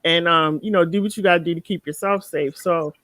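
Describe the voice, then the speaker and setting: A woman hosting a casual live talk show, chatting and telling animated stories. She sounds tired near the end of the night. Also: lowish voice, fairly quick, no echo. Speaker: show host.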